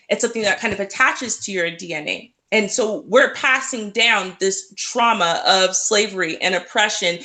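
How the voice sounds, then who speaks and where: A woman speaking with passion on a live discussion panel, arguing forcefully. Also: mid-range voice. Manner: impassioned, mocking pleading voices. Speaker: panel guest.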